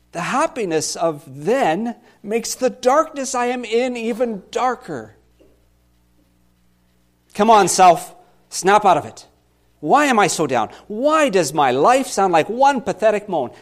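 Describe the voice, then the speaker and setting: A man voicing an anguished male psalmist in a dramatic scripture reading, impassioned, swinging between loud pleas and hushed lows.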